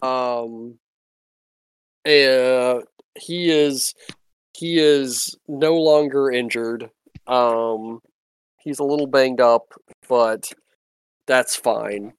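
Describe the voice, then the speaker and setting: Unhurried game master narrating a tabletop game. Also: medium pitch, clean tone, no echo. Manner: unhurried, hesitant, lots of um and like.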